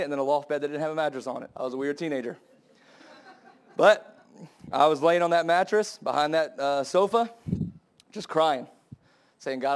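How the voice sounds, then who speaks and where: A young adult man preaching a sermon to his church, impassioned and building to high, emphatic cries. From United States.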